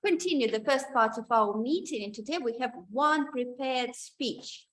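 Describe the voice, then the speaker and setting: A woman hosting a club meeting, introducing speakers in an unhurried, friendly way. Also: a little high, a bit bright. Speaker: meeting host.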